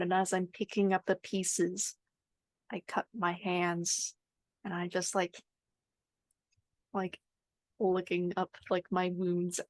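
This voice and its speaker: A woman's voice: lowish voice, no room sound. A woman player describing her character's scenes at a tabletop game, rambling with frequent restarts. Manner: rambling, lots of fillers and restarts.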